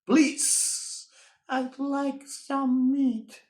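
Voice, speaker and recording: A man's voice: very high voice, fairly even intonation, extremely slow, a little mellow, pitched above the performer's own voice, exaggerated voice. A man voicing a shy, timid little storybook man who pleads meekly in a raised, small voice. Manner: meek, pleading.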